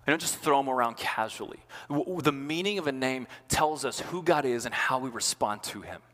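Preacher with a long hall echo. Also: male voice, fairly bright tone. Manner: conversational preaching, slows and drops low for emphasis. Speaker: pastor. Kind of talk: sermon.

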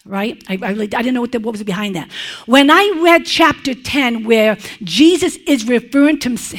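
A woman preaching a sermon with prayer. She speaks emphatically and expressively, and often turns to the congregation with conversational asides to check they are following. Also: high-pitched.

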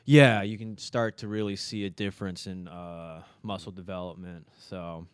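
A man in his twenties co-hosting a podcast, chatting casually and haltingly with lots of fillers and swearing. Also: low voice, fairly even intonation, smooth, no echo. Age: 20s. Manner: laid-back, halting with many fillers and swearing. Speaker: podcast co-host. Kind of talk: casual chat.

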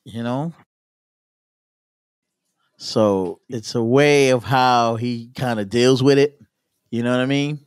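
A man hosting a podcast in casual chat, relaxed and laughing often, leaning on "you know". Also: mid-range voice, takes it slowly, pauses often, clean tone, no echo, clean studio sound. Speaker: podcast host.

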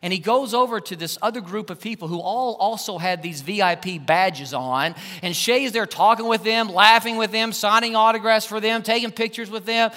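Male preacher, high and bright, emphatic storyteller, church-hall echo. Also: normal speed, hardly any pauses. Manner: animated, emphatic storyteller who swings between loud and hushed. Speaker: pastor. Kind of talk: sermon with personal storytelling. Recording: long church-hall reverb.

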